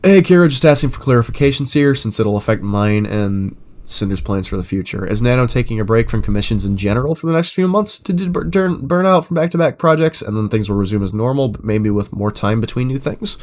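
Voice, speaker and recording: A man reading chat messages aloud in an even, measured way, breaking into loud, sarcastic rants full of swearing. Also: mid-range voice. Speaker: commentator reading chat logs.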